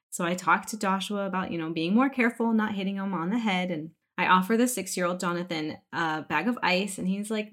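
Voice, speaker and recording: A woman in her thirties, a birth doula co-hosting a podcast, telling a family story in casual chat with animated delivery and laughter. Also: medium pitch, a little fast.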